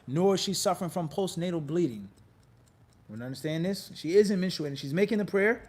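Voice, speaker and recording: A man with a high voice delivers a classroom lesson about religious law, keeping everyone engaged. Animated throughout, he throws out "what?" again and again to quiz the class partway through sentences, and he plays out brief, lively bits as the people he's quoting to drive each point home.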